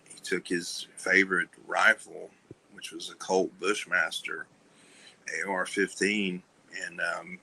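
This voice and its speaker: A man speaking as a podcast guest, telling a personal story candidly in a halting way, with many fillers and restarts, and often trailing off softly. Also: low voice, level tone, creaky, slightly rough, rough recording. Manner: soft-spoken, trailing off. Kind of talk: candid conversation about recovery.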